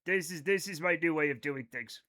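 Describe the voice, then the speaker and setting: A man's voice: on the high side, normal speed, sharp tone. An American man in his thirties streaming a game live, joking casually and reading chat aloud. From United States. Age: 30s. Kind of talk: casual chat while gaming.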